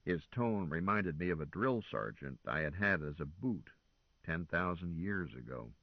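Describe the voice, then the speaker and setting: Male audiobook narrator, lively pitch, dry, dull lo-fi sound. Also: a little slow, dry recording.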